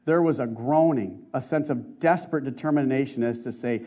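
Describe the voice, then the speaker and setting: A man preaching a sermon, reading a testimony aloud in an earnest, emotive way with slow dramatic stresses. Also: mid-range voice, dark tone. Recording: muffled lo-fi recording.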